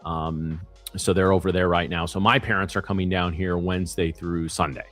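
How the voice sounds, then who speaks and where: Rambling, low-voiced man host. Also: flat delivery, normal speed, a bit bright, faint music behind. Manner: rambling, many fillers and restarts. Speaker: co-host of live trading stream. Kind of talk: casual chat.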